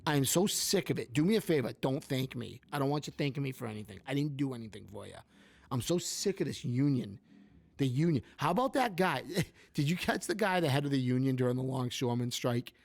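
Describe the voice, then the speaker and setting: A man's voice: medium pitch, lively intonation, fairly quick, gravelly. Rambling male podcast co-host. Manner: rambling, heavy use of "like". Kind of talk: casual political chat.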